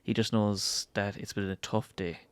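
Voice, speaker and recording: An Irish man talking as a podcast guest in casual chat, soft-spoken, reflective and a little halting. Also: lowish voice, level tone, clear, resonant tone, no echo.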